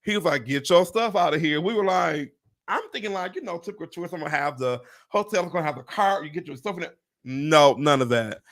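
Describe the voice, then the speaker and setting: A man in his forties hosts a casual live chat, swinging his voice high and low with a gravelly edge. He tells stories with big animated energy and leaps into squeaky voices to quote people. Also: fast. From Pontiac, Michigan. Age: 40s. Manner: animated storyteller, jumps into high voices when quoting people. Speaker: host.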